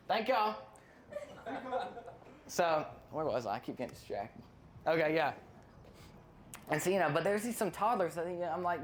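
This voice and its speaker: A stand-up comedian works through a routine in a voice of middling pitch. The delivery wanders, trails off and doubles back on itself. A faint hiss of noise sits under the voice. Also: big pitch swings, normal speed, pauses often. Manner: rambling, loses place and self-interrupts.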